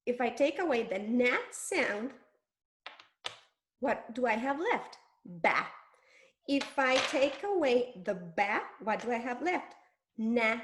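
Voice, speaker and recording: Higher-voiced woman teaching syllables. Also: roomy sound. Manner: exaggerated mouth movements, sounding out syllables; patient, encouraging teacher. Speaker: early reading teacher. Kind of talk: demonstration lesson.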